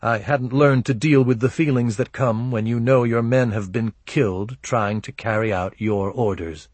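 A man reading a first-person audiobook narration in a measured, grim, low-key manner. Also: steady tone, a little mellow, dry recording.

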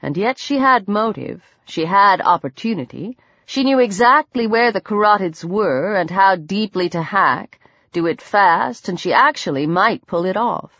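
A woman's voice: mid-range voice, animated, unhurried, fairly bright tone, no echo, dull audio. A woman reading a thriller audiobook as narrator, building into tense, dramatic passages. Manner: tense, dramatic reading that rises into fighting cries. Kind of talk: scripted narration.

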